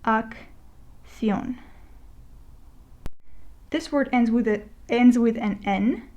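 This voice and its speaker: A woman teaching a Spanish lesson as a voice-over, talking in a relaxed, conversational way with fillers and restarts, slowing down to spell out example words. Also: a little high, dull audio. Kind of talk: explaining a lesson over a digital whiteboard. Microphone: voice-over recording.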